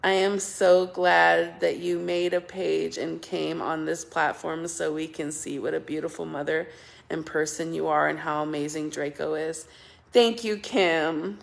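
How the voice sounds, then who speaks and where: A woman's voice: low-pitched, steady tone, a little slow, gravelly. A middle-aged woman hosting a casual livestream, chatting and thanking viewers by name, often laughing. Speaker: livestream host reading viewer comments.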